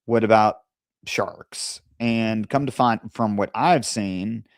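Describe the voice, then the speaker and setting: Slow, low-voiced man talking things through. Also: clear, resonant tone, dry recording, studio quality. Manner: measured, careful, with pauses and fillers. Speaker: co-host. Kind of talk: casual discussion.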